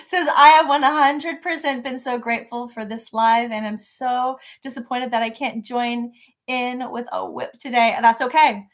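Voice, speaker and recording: A woman's voice: fairly high pitch, steady tone, normal speed. A middle-aged woman hosting a crochet live stream from her home office, chatting casually and greeting viewers by name.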